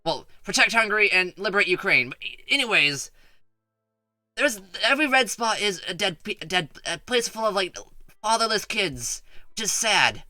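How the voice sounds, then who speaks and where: A man's voice: high voice, lively intonation, moderate pace, sharp tone, no room sound, soft background music. A man streaming a strategy game, rambling and stuttering often as he chats with his viewers. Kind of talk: casual gameplay commentary.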